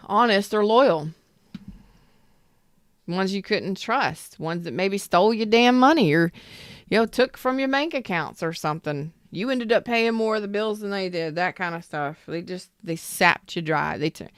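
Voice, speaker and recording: A woman's voice: fairly low pitch, smooth, no room sound, studio quality. Chatty, emphatic woman reading tarot. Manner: chatty and emphatic, with repeated phrases and asides; talks to viewers in the chat. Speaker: tarot reader hosting a live stream. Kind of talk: casual live tarot reading.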